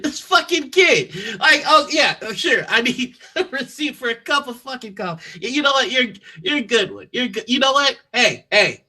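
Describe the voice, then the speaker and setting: A swaggering, foul-mouthed customer who bullies and threatens everyone around him, played by a man. He speaks high and hard, with a piercing, tense bite. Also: animated, moderate pace, pushed and bright, slightly rough, full character voice. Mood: mocking. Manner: swaggering, profane, bullying. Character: pushy tough-guy male coffee customer, menacing.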